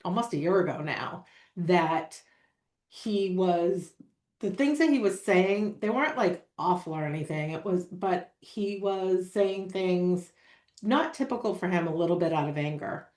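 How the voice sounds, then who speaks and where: A woman's voice: on the low side, lively intonation, unhurried, a little mellow. Woman podcast host in an echoey room. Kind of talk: casual podcast conversation.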